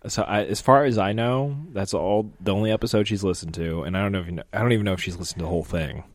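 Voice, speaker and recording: A man speaks as a podcast guest in relaxed, teasing banter, chuckling often. His voice is very low, and the dry recording sits close to the mic. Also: fast, no echo. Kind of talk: casual chat.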